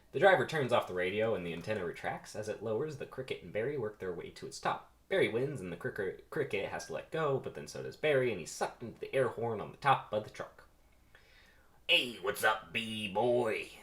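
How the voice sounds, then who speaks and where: A man's voice: on the low side, sing-song, fast, hardly any pauses. A man doing a comedic read-through of a film script, narrating the action with playful, self-mocking asides. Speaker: amateur script reader.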